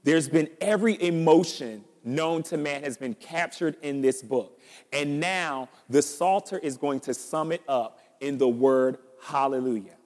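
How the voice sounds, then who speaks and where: A male pastor preaching a sermon, telling a story and building to loud emphasis. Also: fairly high pitch, measured pace, long reverb tail.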